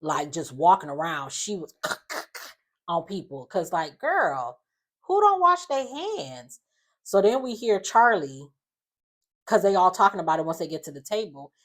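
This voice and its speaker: A woman casually recapping a reality show, telling it in an animated, sassy way with slangy asides. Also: lowish voice, normal speed.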